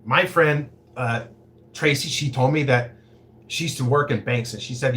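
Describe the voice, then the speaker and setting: A man's voice: medium pitch, normal speed, fairly bright tone. A man hosting his own show, telling a story in a profane, rambling, self-interrupting way. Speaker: podcast host. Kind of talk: casual storytelling.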